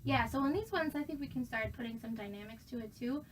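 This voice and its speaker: A woman's voice: on the high side, quick pace, a little hiss or hum. A young woman coaching a student through a voice lesson, encouraging and demonstrating exercises. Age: young adult. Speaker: voice teacher.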